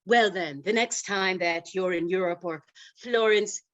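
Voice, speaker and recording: A woman's voice: lowish voice, a little slow, fairly bright tone, highs cut off, pitched below the performer's own voice. A woman doing a suave, elegant art dealer. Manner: suave, courteous salesman patter. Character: elegant smooth male art dealer, persistent. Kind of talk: humorous speech impression.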